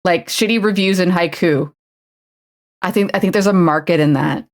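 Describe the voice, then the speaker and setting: A woman's voice: on the low side, moderate pace. A woman streaming while she paints a miniature, chatting casually and playfully, cooing baby talk at her pet. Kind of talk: casual chat while crafting.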